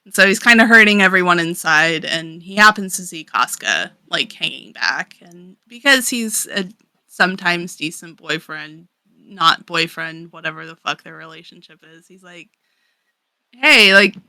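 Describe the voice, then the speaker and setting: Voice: medium pitch, normal speed, bright, forceful tone, dry recording, rough recording. A podcast co-host casually recapping a comic story, rambling with lots of fillers, frequent swearing and laughter.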